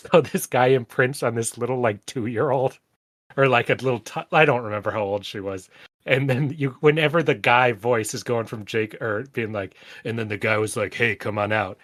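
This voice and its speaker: A man's voice: mid-range voice, a bit bright, no echo. A man co-hosting a podcast in casual chat, blunt and sarcastic, swearing freely. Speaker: podcast co-host.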